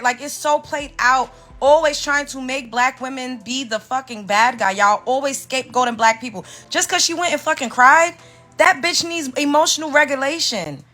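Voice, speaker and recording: A woman from New York with a Brooklyn accent, ranting heatedly and profanely about reality TV. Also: sits high. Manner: profane, fiery, animated. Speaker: commentator. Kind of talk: heated rant reacting to reality TV clips.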